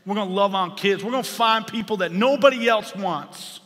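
A male pastor preaching an impassioned sermon that rises to shouts, recorded in a large church hall. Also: high voice, fairly quick.

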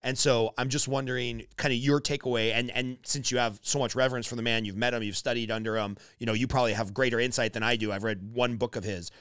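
Male podcast host, curious, rambling, smooth clear voice, dry sound. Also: mid-range voice, steady tone, fast, few pauses, a bit bright, no echo. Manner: curious, rambling, builds up to his question. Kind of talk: interview questions.

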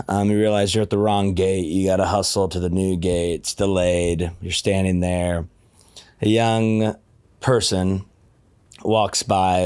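A man with a lowish voice co-hosts a podcast. He sets up a question segment in an easygoing way, building the scenario piece by piece. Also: darkish tone, clear, resonant tone. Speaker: podcast co-host.

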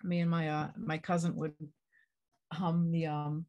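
A woman's voice: low-pitched, flat delivery, unhurried, warm tone, dull audio. A woman hosting a podcast and reading out horror trivia questions, chatting casually, laughing easily and swearing now and then. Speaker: trivia quizmaster and podcast host.

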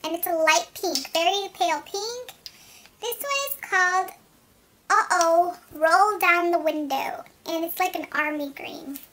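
High, bright-voiced chatty young woman. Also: a little slow, a little hiss or hum. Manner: chatty, rambling, full of "like" and "um". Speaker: beauty vlogger. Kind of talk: casual chat, showing products.

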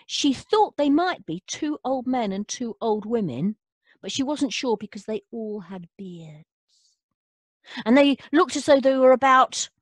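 A woman storyteller telling a folk tale in a slow, dramatic way with pauses. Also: a little high, dry recording.

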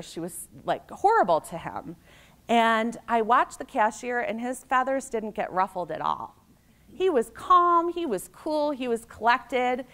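A woman's voice: on the high side, a bit bright. A middle-aged American woman giving a conference keynote, telling personal stories in a conversational way and acting out the voices in them. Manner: anecdotal, conversational, acts out quoted voices. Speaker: keynote speaker.

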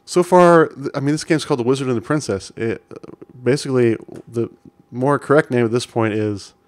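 A man's voice: mid-range voice, a little fast, dry recording. A man casually commenting while playing an old adventure game, reading game text aloud with amused chuckles.

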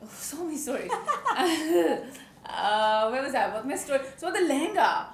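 A woman, telling chatty, animated stories as an interview guest and laughing often. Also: sits high, a little slow. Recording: roomy studio with faint background noise.

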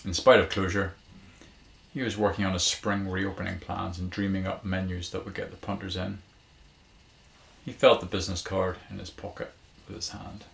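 A man reading his own short story aloud in measured, even storytelling narration, in a small garden cabin. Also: low-pitched, gravelly, echoey room.

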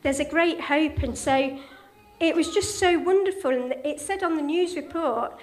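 A woman's voice: sits high, normal speed. A woman giving an informal church talk, cheery and encouraging, quizzing children and telling a story. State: a bit out of breath. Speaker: church speaker leading a children's quiz and talk.

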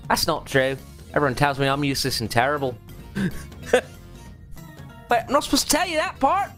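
A man's voice: mid-range voice, steady tone, brisk, fairly bright tone, faint music behind, natural voice. A man voicing an awkward, insecure young male robot drone, chipper and self-deprecating.

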